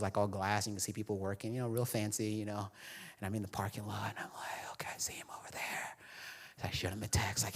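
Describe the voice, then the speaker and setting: A middle-aged male pastor with a somewhat low voice gives a relaxed, conversational sermon. He tells a personal story and acts out both sides of the conversation, sometimes dropping to a whisper and sometimes laughing. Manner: animated, confessional, acts out dialogue with whispers and laughs. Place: church auditorium.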